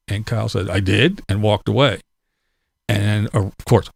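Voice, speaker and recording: With a gravelly, fairly low voice at normal speed, this middle-aged vlogger from Pennsylvania delivers a casual opinion monologue. He's profane and blunt, laughing between his points, and the recording is dry with no room sound.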